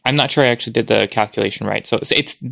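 A man with a gravelly, fry-heavy voice co-hosting a casual podcast. He muses aloud hesitantly and fills pauses with fillers. His mic sounds close and dry. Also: fairly low pitch, fairly bright tone, no echo. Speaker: podcast co-host. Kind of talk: casual chat.

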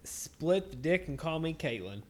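A man's voice: fairly high pitch, animated, measured pace. A man co-hosting a casual podcast, talking in crude banter full of swearing, "like" and "uh.". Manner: heavy swearing, many fillers and restarts. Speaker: podcast co-host.

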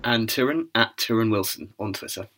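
A man's voice: lowish voice, moderate pace, fairly bright tone. A man guest on a political podcast, blunt and profane, mocking his opponents. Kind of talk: casual political chat.

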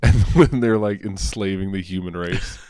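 A young man with a New York accent rambles through a casual podcast chat, his voice sitting very low and recorded dry and close. He laughs often and piles up filler words as he riffs. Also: normal speed, warm tone, clean tone, no room sound. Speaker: podcast co-host.

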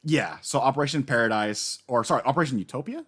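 A man in casual chat, recapping a story with lively enthusiasm and acting out the characters he quotes. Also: mid-range voice, fast talker, slightly rough. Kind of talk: casual manga discussion.

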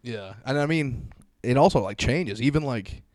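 A man's voice: medium pitch, expressive, normal speed, a little mellow. A man from the area, chatting casually in a loose, rambling way full of "like" and laughs. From Boston area. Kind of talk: casual chat.

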